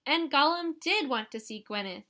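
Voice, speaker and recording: Woman doing a high little girl's voice. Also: normal speed, pushed and bright. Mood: insistent. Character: eager little girl, youngest sister.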